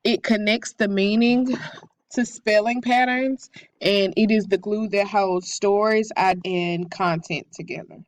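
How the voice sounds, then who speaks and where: A woman's voice: medium pitch, fairly even intonation, unhurried, dry recording. A young woman student reading her class presentation aloud carefully, with occasional slips.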